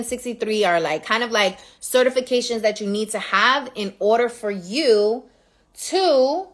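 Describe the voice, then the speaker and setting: A woman with a New York accent, around her thirties, talking straight to her livestream viewers. Her voice sits in a mid range, and she tells the story in an animated, candid way, swearing freely as she goes. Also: medium pitch. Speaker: livestream host.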